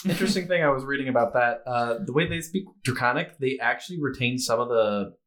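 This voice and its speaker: A man's voice: mid-range voice, quick pace, fairly bright tone, slight background noise. A man co-hosting a tabletop game podcast in casual chat, rambling with restarts and goofy asides. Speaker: podcast co-host.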